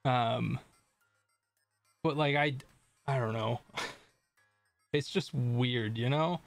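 Very slow and creaky, a man's mid-range voice carries casual gameplay commentary on a stream, with faint music behind an otherwise dry recording. He rambles to viewers, runs himself down, and swears at the game.

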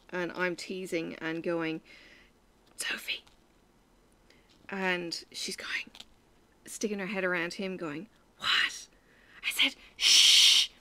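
An Irish woman with a fairly low, bright, forceful voice and some vocal fry chats casually while stitching for her crafting vlog. She rambles through her stories, peppering them with fillers.

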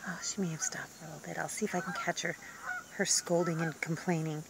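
A woman vlogs from a lakeside campground in a hushed, wry murmur that often drops to a whisper. Her voice sits a little low. Clear outdoor noise and honking geese carry behind her. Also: level tone, quick pace. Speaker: van life vlogger. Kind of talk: casual vlog commentary.

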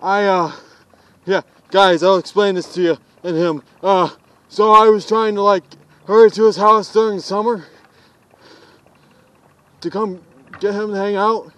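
A high-pitched teenage boy vlogging on a walk outside. He jokes around and talks straight to his viewers in a loose, chatty way. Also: steady tone, a little slow, pauses often, a bit bright, no room sound, poor audio. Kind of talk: casual walking vlog. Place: outdoors on a road.

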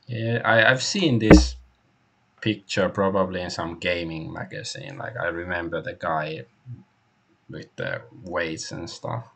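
A man's voice: low voice, lively intonation, unhurried, creaky, fairly bright tone. A man streaming an old adventure game, musing aloud in hesitant, rambling casual commentary.

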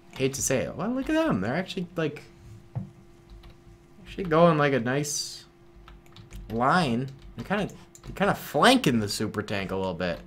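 Excitable man commentating a game. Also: mid-range voice, a little slow, long pauses. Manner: excitable, chatty, laughs often. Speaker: gaming YouTuber. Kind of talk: casual gameplay commentary.

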